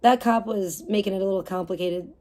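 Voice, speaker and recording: A woman's voice: mid-range voice, fairly quick, a little mellow. A woman live streamer in a casual, heated rant, swearing often and rambling with restarts. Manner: profane, heated ranting.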